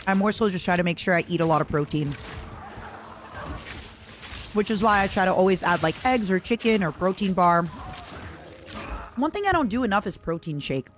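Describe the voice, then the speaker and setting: A woman's voice: mid-range voice, animated, moderate pace, long pauses, a little hiss or hum. A young woman streaming a video game, chatting in a rambling, casual way and answering her viewers. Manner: rambling, chatty, reads out chat messages. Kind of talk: casual chat while playing a video game.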